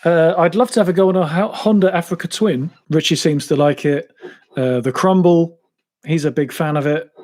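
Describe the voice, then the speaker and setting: A man's voice: fairly high pitch, normal speed, darkish tone. A man in his thirties with an English accent from around Cambridge, chatting casually and self-mockingly while answering viewer questions on a live stream. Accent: English (Cambridge area). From England (Cambridge). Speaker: motorcycle YouTuber answering live Q&A.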